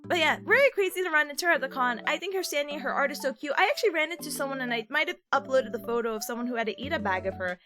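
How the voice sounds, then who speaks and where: A woman streamer chatting casually and bubbling over with excitement, breaking into squeals. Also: high-pitched, rapid-fire, hardly any pauses, music in the background. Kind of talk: casual recap chat.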